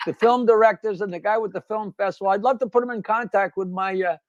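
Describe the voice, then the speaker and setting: A man's voice: high-pitched, steady tone, quick pace, no room sound, dull audio. An older man with a Long Island accent, a guest comedian chatting and telling jokes in a brash, rambling way. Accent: Long Island New York. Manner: brash, rambling, laughs at his own jokes. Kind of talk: casual chat and joke telling.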